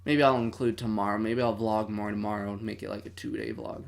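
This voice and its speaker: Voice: mid-range voice, animated, fairly quick, creaky. A streamer in their twenties hosting a movie watch-along, chatting casually and dramatically with mock outrage. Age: 20s. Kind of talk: casual livestream chat.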